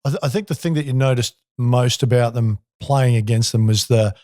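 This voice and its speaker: Older australian man, mellow tone, dry close mic, animated colourful storytelling, podcast guest. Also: mid-range voice, brisk, no echo. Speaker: guest, former basketball player.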